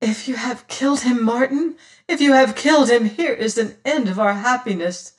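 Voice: normal speed, natural voice. A reader putting on a horrified young noblewoman. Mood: anguished. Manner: pleading, rising pitch. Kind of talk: audiobook reading. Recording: distant mic.

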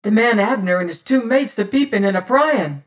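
A reader doing a gruff loyal sailor. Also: mid-range voice, expressive, normal speed, voice pushed up, natural voice. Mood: alert. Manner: clipped nautical speech. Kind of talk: audiobook character reading.

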